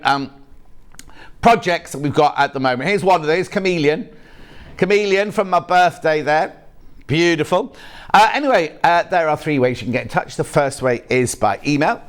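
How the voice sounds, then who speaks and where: Chatty man presenting on a shopping channel. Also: a little high. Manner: chatty, jokey, reads viewer messages aloud. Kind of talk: live TV sales chat. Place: TV studio.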